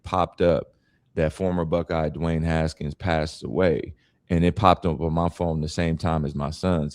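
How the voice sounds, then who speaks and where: A deep-voiced man in his forties tells stories with animated energy, acting out other people's lines as he goes. His voice sits low, and the sound is dry and close. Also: no echo. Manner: animated storyteller, acts out quoted voices. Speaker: guest speaker and author. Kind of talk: storytelling interview answer.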